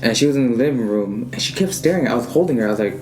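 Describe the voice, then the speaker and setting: Talking rapid-fire in a medium-pitched voice, a man shares his own ghost story on a casual podcast, performing quoted lines animatedly and using plenty of fillers. Soft music plays in the background.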